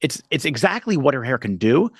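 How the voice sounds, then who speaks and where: Middle-aged male podcast host; loose, conversational delivery, lively pitch, dry close sound. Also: brisk, husky, no echo. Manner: conversational, frequent restarts and "like". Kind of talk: casual podcast chat.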